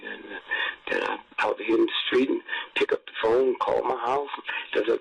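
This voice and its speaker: A man's voice: medium pitch, fairly even intonation, normal speed, creaky, few pauses, slight background noise, poor audio. An older man speaking as a guest on a call-in radio show, folksy and preachy, often repeating himself. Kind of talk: casual call-in radio talk.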